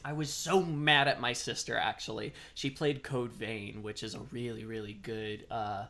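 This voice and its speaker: A man's voice: medium pitch, gravelly, fairly bright tone. A man chatting casually as a streamer while playing a game, rambling and self-deprecating. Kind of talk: casual gameplay commentary.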